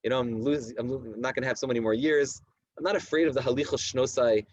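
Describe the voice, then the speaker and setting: Rabbi in his thirties leading a night study session, mid-pitched voice, repeats himself while explaining texts. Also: dry recording, dull audio. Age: 30s. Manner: reads Hebrew texts slowly then explains them in animated English with many repetitions. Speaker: rabbi giving a Torah class. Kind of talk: Torah lecture to a community. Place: community study hall at night.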